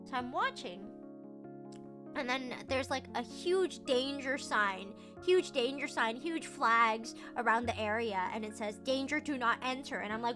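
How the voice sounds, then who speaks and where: A woman streamer telling a story in casual chat, acting out her own panic with stammers and quick bursts. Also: sits high, sharp tone, faint music behind.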